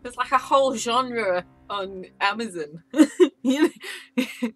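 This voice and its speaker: A woman co-hosting a live drawing stream, chatting casually and teasing with playful deadpan jokes. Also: on the high side, slow pace. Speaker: stream co-host.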